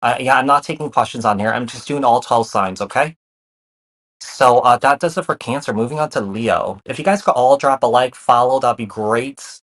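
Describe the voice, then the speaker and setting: A man's voice: mid-range voice, normal speed, a bit bright. Chatty man giving a tarot reading. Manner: repeats phrases, many fillers, reassuring. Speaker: tarot reader. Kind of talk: casual tarot reading to viewers.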